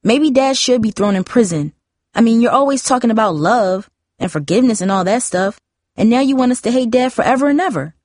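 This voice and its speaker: A woman's voice: fairly high pitch, expressive, brisk, darkish tone, dry recording, clean studio sound, pitched above the performer's own voice. A woman voicing a defiant, pushy teenage girl in a storybook reading. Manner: pouty, confrontational teen voice.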